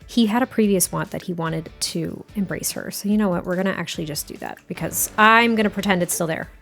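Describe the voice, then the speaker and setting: A woman's voice: on the low side, a little fast, vocal fry, a bit bright, soft background music. A woman casually narrating a life-sim story, chatty and giggly, rambling and restarting her sentences. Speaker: game narrator. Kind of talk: casual let's-play storytelling.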